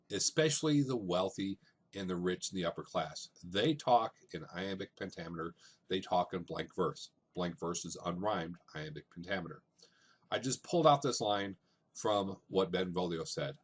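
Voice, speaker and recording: A male teacher walks through a play in a casual lecture, dropping "um"s and checking in with "right?". His voice sits low and a little husky, and he keeps the tone easy and conversational.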